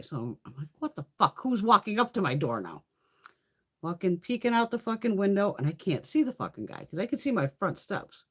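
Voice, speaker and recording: A woman hosting a casual makeup livestream, telling stories bluntly with plenty of swearing and reading out viewer comments. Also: low-pitched. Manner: profane, blunt storytelling, reads viewer comments. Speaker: livestream host.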